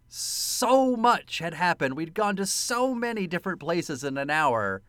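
This film podcast co-host has a high-sitting voice with a clean tone and no echo. Chatting casually about films, he tells animated anecdotes, swears frequently and laughs a lot.

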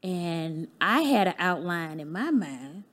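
A woman's voice: lowish voice, big pitch swings, slow, fairly bright tone. Earnest woman telling her story. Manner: candid, acts out remembered dialogue. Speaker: podcast guest, business owner. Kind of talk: personal storytelling in a podcast interview.

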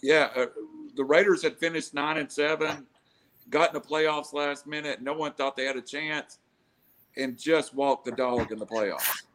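A man's voice: on the high side, steady tone, moderate pace, a bit bright. A man co-hosting a sports podcast in casual chat, often stumbling and repeating words. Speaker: podcast co-host.

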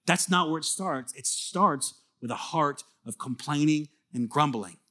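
A man's voice: a little high, unhurried. A man, a pastor, preaching a conversational sermon, acting out little quoted exchanges as he teaches. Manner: animated, conversational, acts out quoted voices.

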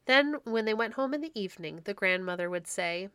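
A woman hosting a storytelling podcast, reading classic stories aloud in a gentle, measured way. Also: medium pitch, expressive, smooth, no room sound. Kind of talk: storybook read-aloud narration.

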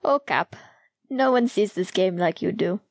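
A woman's voice: mid-range voice, lively intonation, unhurried. Lady reading as a chill hockey teammate, young guy, friendly. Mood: admiring. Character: young male hockey player, warm admiring teammate.

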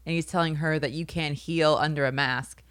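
A woman's voice: deep voice, fairly even intonation, fairly quick, fairly bright tone, dry recording, clean studio sound. Reflective woman co-host chiming in. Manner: reflective, chimes in with short remarks. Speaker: podcast co-host. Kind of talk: casual recap chat.

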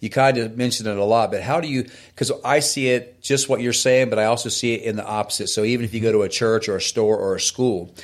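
A man hosting a talk show, asking measured, thoughtful questions. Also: on the low side, steady tone. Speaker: host. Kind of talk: casual talk-show conversation.

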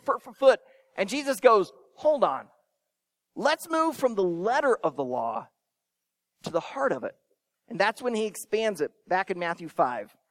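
A male pastor with a very high, animated voice that leaps up for emphasis and drops low for quiet points. He asks his young listeners questions directly as he preaches. The sound is close and dry. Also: no echo. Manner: expressive, swinging between emphatic and soft. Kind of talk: sermon.

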